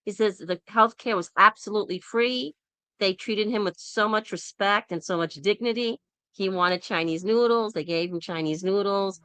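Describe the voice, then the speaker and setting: A woman's voice: mid-range voice, moderate pace, smooth, no echo. A woman hosting a casual group discussion over an online call, telling stories and acting out the people in them. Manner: animated storyteller who acts out quoted people.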